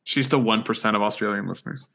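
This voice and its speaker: A man's voice: on the low side, quick pace, creaky, fairly bright tone. A man hosting a podcast, recapping an episode in casual chat, jokey and swearing freely. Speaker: podcast host.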